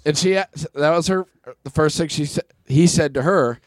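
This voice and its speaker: A man's voice: fairly high pitch, moderate pace, crowd noise. A man on a comedy podcast telling a rambling anecdote and acting out other people's lines. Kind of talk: casual storytelling chat.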